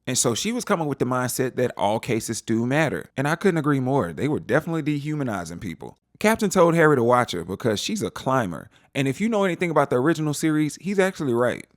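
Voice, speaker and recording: This is a man running through a TV episode recap in a relaxed, slangy way, speaking straight to his viewers. His voice moves up and down a lot in pitch and sits at an ordinary male pitch. The sound is close and dry, with no room in it. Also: fast talker, few pauses, dry recording. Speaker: TV show reviewer. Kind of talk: casual spoiler recap.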